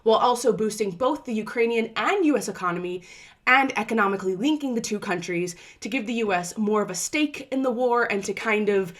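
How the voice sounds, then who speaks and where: Brief: young female host, casual explainer delivery, brisk, playful with quotes. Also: medium pitch. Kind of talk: explainer commentary.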